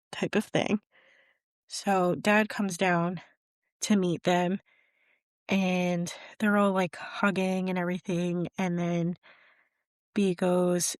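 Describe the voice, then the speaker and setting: A young adult woman hosts a podcast, casually recapping a film in a chatty way that leans on fillers like "basically" and "type of thing." Her lowish voice has little pitch movement and a slow pace with long pauses. The studio-quality audio has no room sound.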